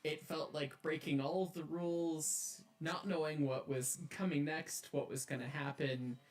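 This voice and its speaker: A man telling an earnest, enthusiastic and detailed story about railways. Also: medium pitch. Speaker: railway enthusiast telling of driving a steam locomotive.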